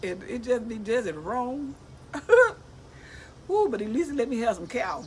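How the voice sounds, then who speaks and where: Woman, middle-aged, chatty scripture reading, lively, laughs easily, faint background hiss. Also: fairly high pitch, slow pace. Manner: lively, chatty, laughs often, talks to her viewers. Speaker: Bible study vlogger. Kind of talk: scripture reading with personal commentary.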